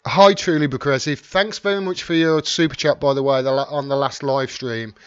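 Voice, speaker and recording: Brisk and smooth, this mid-range male voice belongs to a middle-aged YouTube live stream host with a Wolverhampton (Black Country) accent from the West Midlands, England. He chats in a rambling way, reading out and thanking commenters by name. The recording is dry and lo-fi.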